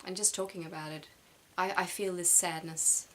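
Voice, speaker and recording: Halting, tearful middle-aged woman. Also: lowish voice, steady tone, a little hiss or hum. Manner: halting, repeats words, emotional. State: close to tears. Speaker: vlogger. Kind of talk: personal reflective monologue.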